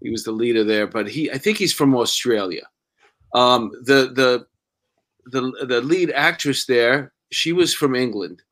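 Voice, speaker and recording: A man with a mid-range voice, an actor, tells stories in a casual, animated way. He speaks in relaxed talk-show fashion. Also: medium pitch, measured pace, low-quality recording. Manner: animated storyteller. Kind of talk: casual chat.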